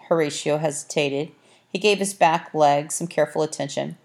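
A woman narrating a children's novel in a measured, expressive storytelling manner. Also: sits low. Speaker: audiobook narrator. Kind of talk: scripted narration.

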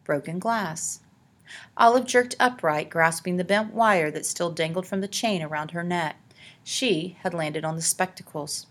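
Audiobook narrator: woman, lowish voice, dramatic storytelling delivery. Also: lively intonation, a little slow. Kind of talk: scripted narration.

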